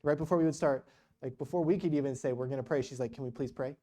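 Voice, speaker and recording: A man with a mellow, warm voice tells mission stories at a church gathering. He talks casually and restarts his sentences often. The delivery is relaxed and conversational. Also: a little high, fast. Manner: casual, animated storytelling with many restarts. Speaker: guest speaker on mission work. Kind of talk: storytelling church talk.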